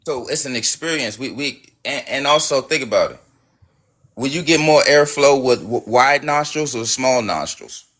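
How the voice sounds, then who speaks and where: Bright insistent man pushing his point. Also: medium pitch, lively intonation, normal speed. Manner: insistent, repeating himself, pushy. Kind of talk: casual debate.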